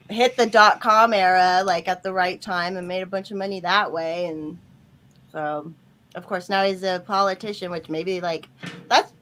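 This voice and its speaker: A woman's voice: mid-range voice, fairly bright tone. A woman chatting casually on a group stream, ranting with frustration and mocking people she quotes. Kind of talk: casual chat.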